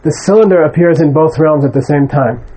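A man's voice: a little high, fairly quick, mellow, low-quality recording. A man teaching a class of students, speaking conversationally, bluntly dismissing wrong views and often checking in with "okay?". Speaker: Buddhist teacher. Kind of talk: lecture to students.

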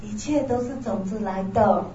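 A woman's voice: medium pitch, mellow, a little hiss or hum. Woman interpreting a talk from afar. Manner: renders each phrase quickly and plainly, echoing the speaker's tone. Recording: distant, roomy, dull lo-fi sound with faint ambience.

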